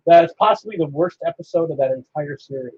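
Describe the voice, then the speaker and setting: Husky, easygoing man co-host. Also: a little high, quick pace, no room sound. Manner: easygoing, blunt opinions. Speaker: podcast co-host. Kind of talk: casual fan chat. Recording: dry, slightly muffled lo-fi audio.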